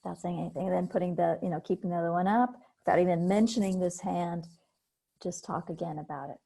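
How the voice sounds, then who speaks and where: A woman's voice: fairly low pitch, fairly even intonation, quick pace, vocal fry, warm tone. A woman hypnotherapist hosting a group meeting on a video call, explaining techniques in a casual way. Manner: explains techniques, acts out panicky voices.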